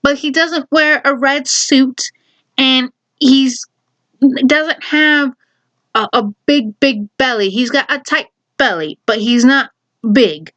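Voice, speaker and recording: A woman's voice: high-pitched, slow pace, fairly bright tone, pitched above the performer's own voice. A woman voicing a patient mother who coaxes and questions her small child. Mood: soothing. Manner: coaxing, questioning.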